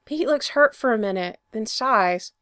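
Lively woman reading a story aloud. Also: on the high side, measured pace, clean tone, dry recording, studio quality. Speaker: fan fiction reader. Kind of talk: storybook narration.

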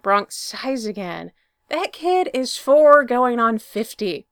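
A woman reads a story aloud with a lively, expressive delivery. Her voice sits on the high side and moves a lot. The recording is dry and close. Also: takes it slowly, dry recording. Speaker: fan fiction reader. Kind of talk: storybook narration.

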